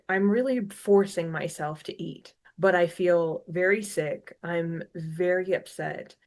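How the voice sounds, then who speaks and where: Tearful woman in her thirties, lower voice. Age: 30s. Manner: reflective, emotional, repeats phrases. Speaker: podcast host. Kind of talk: personal storytelling.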